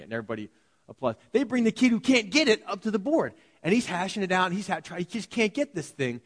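A man preaching a sermon to his congregation, telling stories in an animated way and acting out the voices of the people in them. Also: sits high, fast. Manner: animated storytelling, acts out quoted voices. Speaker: pastor. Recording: long hall reverb.

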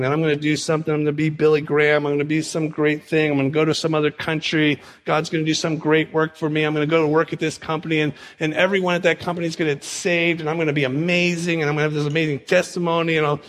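A male pastor preaching a sermon in an animated way, acting out conversations as he teaches. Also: fairly high pitch, long reverb tail. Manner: animated preaching, acts out dialogue with Jesus.

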